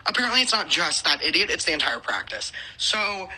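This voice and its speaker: A woman's voice: on the low side, sing-song, brisk, sharp tone, husky, low-quality recording. A podcast co-host, a woman, venting about a frustrating situation in a furious, profanity-heavy storytelling rant.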